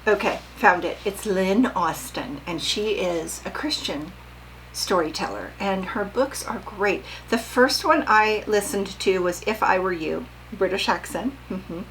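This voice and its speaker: A woman's voice: medium pitch, unhurried, a bit bright, slight background noise, rough recording. An older woman vlogging casually about her sewing, chatty and rambling, often asking her viewers questions.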